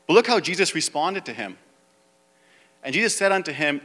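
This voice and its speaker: A man's voice: high-pitched, fast, fairly bright tone. A male pastor preaching a sermon, reading scripture aloud and then pressing his point with rising emphasis. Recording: long hall reverb.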